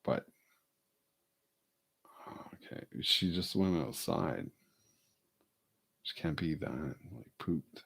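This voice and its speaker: A man's voice: rumbling low, animated, drawn-out words, gravelly, long pauses, fairly bright tone, husky. A man vlogging casually to camera, rambling off-the-cuff and drifting into mumbled asides. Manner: rambling, talks to his dog in a coaxing voice.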